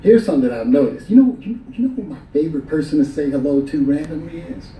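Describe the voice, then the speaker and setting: A man performing a stand-up comedy set on a club stage, telling stories animatedly and jumping into high voices for the people he quotes. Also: lively intonation, quick pace, mellow, recorded from a distance. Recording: roomy live club recording, crowd laughter.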